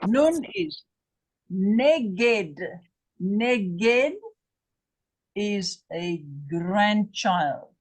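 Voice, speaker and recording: A woman's voice: mid-range voice, animated, drawn-out words, long pauses, low-quality recording. An English woman teaching a language lesson, patiently repeating each word and spelling out its letters. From England. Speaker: Hebrew teacher.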